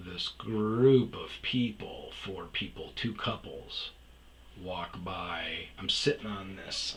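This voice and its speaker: A man's voice: on the low side, sharp tone, low-quality recording. A man from Wisconsin telling a personal story in a rambling, profane way, often restarting his sentences. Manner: rambling, profane, self-interrupting. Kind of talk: casual spoken storytelling.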